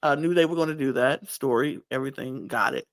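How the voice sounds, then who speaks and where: A woman co-hosting a casual podcast that recaps reality TV, talking in an animated way and firing off incredulous rhetorical questions. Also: a bass voice, fairly quick. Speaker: podcast co-host.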